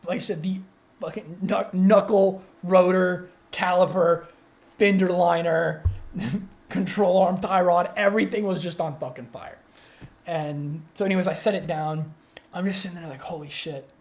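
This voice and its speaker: Young guy cohosting a podcast, swears a ton, rambly and worked up, keeps restarting sentences. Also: high-pitched. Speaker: podcast co-host. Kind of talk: casual storytelling chat.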